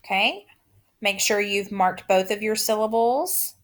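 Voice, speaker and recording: A woman teacher leads a recorded phonics lesson. She dictates at an unhurried, deliberate pace and repeats every word for the class. Her voice sits at an ordinary middle pitch. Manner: slow, drawn-out dictation with repeated words.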